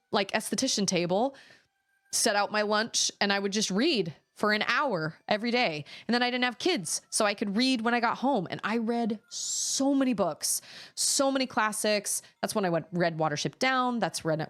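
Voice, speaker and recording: A woman streamer chatting casually and rambling about the books she loves. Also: on the low side. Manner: chatty, rambling, animated when telling stories. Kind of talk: casual chat.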